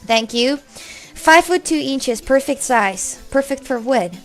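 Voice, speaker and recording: Loud, swearing streamer woman. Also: sits high, expressive, takes it slowly, faint music behind. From Russia. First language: Russian. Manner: loud, swears freely, reads chat aloud. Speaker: livestreamer. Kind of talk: casual live stream chat.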